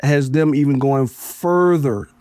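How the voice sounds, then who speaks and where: A man's voice: medium pitch, takes it slowly, a little mellow. A middle-aged man from Louisiana, a pastor, talking casually in an interview, easygoing and often restarting his sentences. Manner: easygoing, frequent restarts and affirmations.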